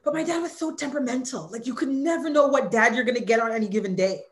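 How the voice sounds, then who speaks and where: A woman's voice: on the high side, fast. Woman, 40s, interview guest; candid, heartfelt, close to tears at moments; roomy echo. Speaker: author and former hurdler, guest. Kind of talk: emotional interview conversation.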